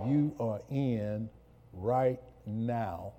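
A man preaching a sermon in a church, moving from low, slow passages to loud shouted bursts and often repeating words. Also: lo-fi sound. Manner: repeats words and stammers when excited. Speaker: pastor.

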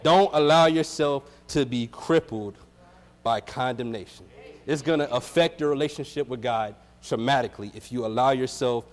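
A man's voice: mid-range voice, moderate pace. A man preaching a sermon in a casual, joking way, laughing at himself as he flips through his Bible. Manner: casual, joking, self-deprecating, laughs often.

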